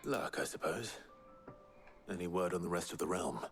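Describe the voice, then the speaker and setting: A brooding warrior speaks in a very deep, low voice with short, terse lines. Faint game music hangs in the background. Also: male voice, normal speed. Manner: terse, quiet replies. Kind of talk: video game dialogue.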